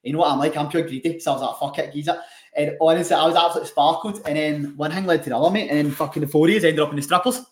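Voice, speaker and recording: A man's voice: fairly high pitch, steady tone, rapid-fire. Laughing man, echoey room. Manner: swearing, laughing storyteller. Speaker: podcast co-host. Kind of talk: casual chat.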